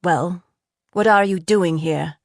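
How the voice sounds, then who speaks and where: A woman reading a protective male healer who speaks quietly with controlled anger. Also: on the low side, takes it slowly, no room sound, studio quality. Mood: steely.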